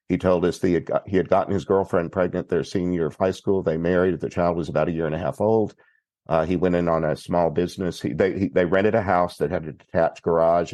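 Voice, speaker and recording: A man from Texas, a priest guest on a podcast, telling a story in an unhurried, plainspoken way. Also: deep voice, a little mellow, no room sound. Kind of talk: recounting a story in conversation.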